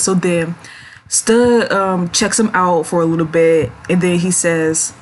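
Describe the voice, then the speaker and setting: A woman's voice: on the low side, steady tone, measured pace, a little hiss or hum. A woman reviewing episodes of a series in a casual, chatty way, giggling often and acting out the characters' lines. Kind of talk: casual recap vlog.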